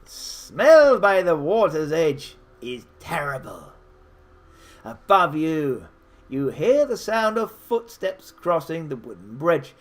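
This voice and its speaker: A man reads a gamebook adventure aloud with a theatrical touch. His voice swoops widely in pitch and he takes his time, dropping into chatty asides between passages. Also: very animated, slow pace. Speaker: game host. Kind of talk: gamebook playthrough narration.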